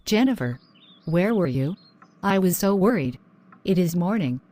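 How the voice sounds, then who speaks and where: A woman playing an earnest, anxious mother in a cartoon story, in a fairly low voice full of motherly concern. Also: lively intonation, a little slow, warm tone. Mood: worried. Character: anxious, caring mother, middle-aged. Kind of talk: animated story voice acting.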